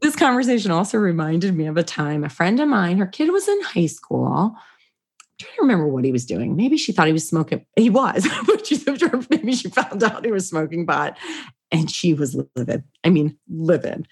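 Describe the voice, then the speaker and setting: A woman co-hosting a parenting podcast, chatting casually and telling stories with animated quoted voices and frequent laughter. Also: on the low side, normal speed, husky. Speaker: podcast co-host. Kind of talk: casual chat.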